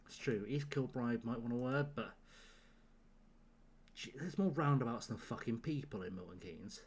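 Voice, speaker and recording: A young man talks over a live game stream in a voice of middling pitch. He fires off dry, sardonic jokes at his chat, liberally peppered with swearing. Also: lively intonation, a little slow, pauses often, slightly rough. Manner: sardonic, profane joking to chat.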